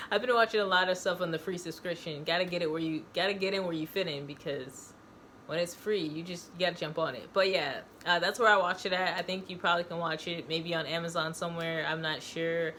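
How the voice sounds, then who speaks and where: A woman talking casually to camera about a movie and her own book, loose and chatty with slang. Her voice sits a bit low. A faint hiss of background noise runs under it. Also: fairly quick, a bit bright. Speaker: book reviewer and author. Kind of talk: casual video review and reading.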